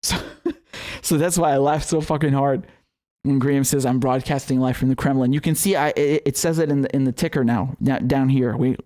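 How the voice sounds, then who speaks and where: A man's voice: medium pitch, steady tone, brisk, warm tone. A young man hosting his own political commentary show, talking casually, sarcastic, swearing freely and laughing often.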